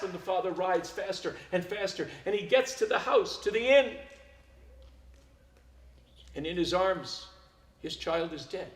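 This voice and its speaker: A man's voice: high voice, lively intonation, a little slow, long pauses, echoey room. A man from the United States, a priest, chatting and telling stories on a concert stage microphone. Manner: chatty, storytelling. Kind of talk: live concert introduction. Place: concert hall.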